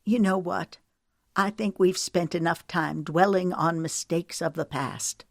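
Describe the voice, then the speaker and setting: An older wife, spirited and emotional, who enunciates with emphasis, as a woman narrator plays her. Her voice is low and measured, recorded dry and close to the mic. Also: vocal fry, no room sound. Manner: emphatic, quivering.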